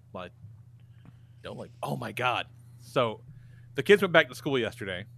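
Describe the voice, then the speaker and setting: A man co-hosting a casual comedy podcast, telling profane, animated stories and acting out his son's voice. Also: mid-range voice, slow pace, gravelly. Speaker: podcast co-host.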